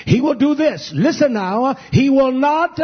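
Husky high-voiced male preacher, lively. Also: measured pace, lo-fi sound. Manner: call-and-response preaching, questioning the congregation. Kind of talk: sermon.

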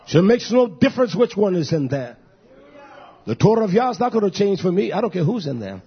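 Male preacher, high husky voice, fiery sermon with sudden shouts, dull muffled recording. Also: very animated. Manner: swings between shouting and low mutters, drawn-out emphasis. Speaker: pastor.

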